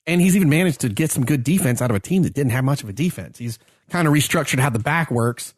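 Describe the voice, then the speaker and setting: A man's voice: mid-range voice, quick pace, slightly rough, no echo, studio quality. Rambling man in casual sports banter. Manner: rambling, animated sports opinions with many restarts. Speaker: podcast co-host. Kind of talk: casual chat.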